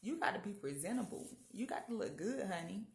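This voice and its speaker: Casual vlogger, young adult woman, gravelly fry, animated storyteller, echoey room. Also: medium pitch, fairly quick. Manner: animated, chatty, leaps between loud and hushed. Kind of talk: casual storytelling about faith.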